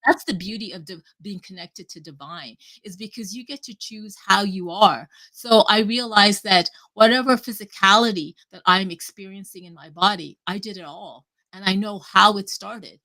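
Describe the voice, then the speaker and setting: A woman talking casually and at length on a live audio chat, rambling and animated, cutting herself off and swearing freely. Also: medium pitch, normal speed, few pauses. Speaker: guest speaker.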